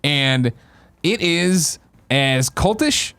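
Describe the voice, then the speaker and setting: A man hosting a podcast, telling a story in a casual, animated way, swearing freely and acting out voices. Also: fairly high pitch, very slow, clean tone. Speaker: podcast host.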